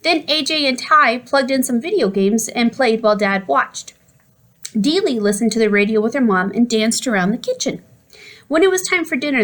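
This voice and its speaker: A woman reading a children's storybook aloud in an expressive way, putting on voices for the characters. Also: on the high side. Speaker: audiobook reader. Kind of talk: storybook narration.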